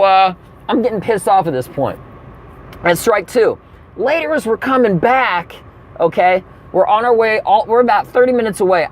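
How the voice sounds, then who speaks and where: A man's voice: fairly high pitch, slight background noise. A man telling a comic rant story, acting out the people he quotes. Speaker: comedian. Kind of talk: comedic rant monologue.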